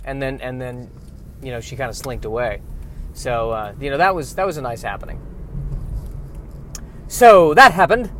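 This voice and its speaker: A man's voice: medium pitch, lively intonation, normal speed, pauses often, slight background noise. A man, an actor, chatting casually in a self-deprecating, rambling way while driving his car. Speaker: character actor.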